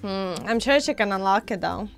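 A woman with a scratchy throat, hosting a casual let's-play chat with excitable squeals. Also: mid-range voice, fairly quick, creaky, clean tone, soft background music. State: scratchy throat, coming down with a cold. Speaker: gaming channel host.

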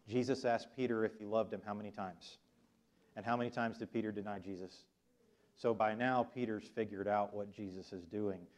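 A man of average pitch gives a children's sermon as pastor of a church. He tells the story casually and keeps putting questions to the young listeners. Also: dark tone. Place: church sanctuary.

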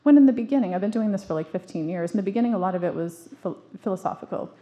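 Mellow-voiced woman giving an earnest talk. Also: medium pitch, animated, very fast, dull audio. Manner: earnest, emphatic storytelling with frequent restarts. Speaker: parenting speaker. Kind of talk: public talk to an audience.

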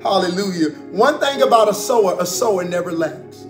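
Male pastor, high and fervent, livestream preaching, roomy sound, music behind. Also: expressive, a little fast. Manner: fervent, repetitive, frequent amens and hallelujahs. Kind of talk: livestreamed preaching and offering appeal.

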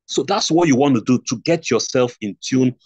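A man's voice: mid-range voice, lively intonation, moderate pace, darkish tone, husky, dry recording. A man with a Nigerian accent teaching a nursing exam review class, repeating key points and asking rhetorical questions. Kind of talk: online lecture. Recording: dull lo-fi stream audio.

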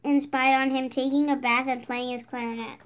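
A young woman reads a children's storybook aloud in a clear, even narrating voice. Her voice sits high. She keeps a steady storytelling rhythm. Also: fairly quick. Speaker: storybook reader. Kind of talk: reading a children's picture book aloud.

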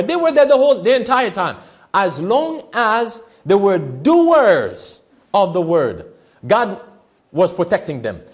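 A man preaching a sermon as pastor, reading scripture aloud and often asking the listeners questions in call-and-response. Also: sits high.

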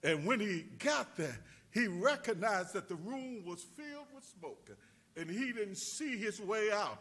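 A male pastor preaching a sermon with fervent delivery that rises to shouts. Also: high voice.

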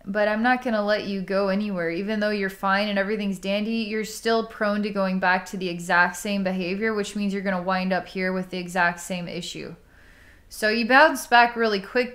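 Woman psychic doing an energy reading, chatty, lots of "like", laughs and sighs, mid-pitched voice. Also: fairly bright tone. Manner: casual and chatty, heavy use of "like", frequent laughs and sighs. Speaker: psychic healer. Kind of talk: energy healing session talk.

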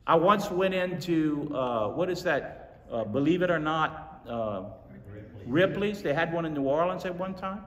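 Brief: pastor, slightly high voice, lively storytelling sermon, miked from a distance. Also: male voice, measured pace. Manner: animated storytelling, repeating lines for emphasis. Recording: echoey hall from far off.

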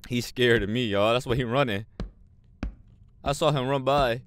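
A man commentating a horror game, swinging between mumbled slangy banter and loud frightened shouts. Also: mid-range voice, normal speed, slight background noise. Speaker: gamer playing a horror game. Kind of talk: let's play commentary.

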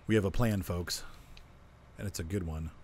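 A man's voice: low voice, normal speed, a little mellow, husky. A man hosting a co-op farming game, casually explaining his plans as he plays. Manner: explains plans while playing. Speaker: let's-play host. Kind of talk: casual gameplay chat.

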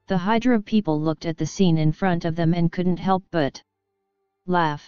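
Clear-voiced woman narrating a novel. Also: fairly low pitch, fairly even intonation, moderate pace, dark tone, no room sound. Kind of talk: audiobook narration of a web novel. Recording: dull lo-fi audio with faint music.

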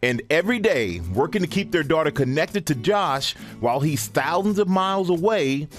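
Upbeat male TV host with lively pitch. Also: moderate pace. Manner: upbeat, animated, often laughing. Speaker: morning show host. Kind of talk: live TV hosting and narrated report. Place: TV studio with live audience. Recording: studio with audience and music bed.

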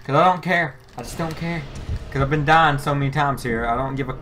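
A man giving let's play commentary, excitable, yelping and shouting at the game with mild swearing. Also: mid-range voice, fairly quick, noisy background. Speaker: gamer. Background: faint music.

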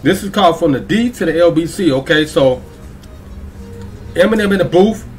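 A man's voice: fairly high pitch, animated, normal speed, soft background music. A man hosting a reaction video, talking casually and often checking in with viewers. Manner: chatty, keeps checking in with viewers. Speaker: YouTube reaction host.

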